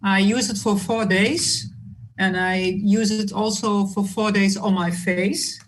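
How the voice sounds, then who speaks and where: A woman's voice: medium pitch, fairly even intonation, slow pace, a little hiss or hum. A woman chatting on a video call, speaking hesitantly and laughing easily. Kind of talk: casual chat.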